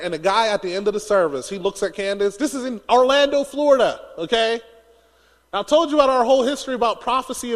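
A man preaching a sermon, telling stories in an animated way and laughing often. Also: sits high, big-room sound.

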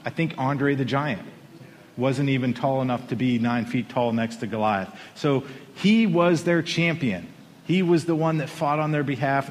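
A man's voice: medium pitch, slight background noise. Preacher man in a reverberant church. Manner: animated storytelling with emphatic rises. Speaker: pastor. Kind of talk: sermon. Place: church sanctuary on a riser. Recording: long hall reverb.

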